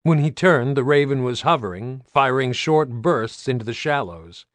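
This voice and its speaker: A man's voice: mid-range voice, animated, normal speed, no echo. A man reading an audiobook aloud with tense, dramatic narration. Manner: tense, dramatic, varied delivery.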